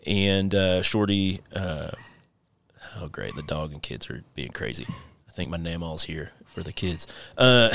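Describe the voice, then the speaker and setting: A man's voice: low voice, dry recording. A man in his thirties hosting a casual podcast, rambling through stories with frequent laughs. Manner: laughs often, rambling and animated storytelling. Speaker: podcast host.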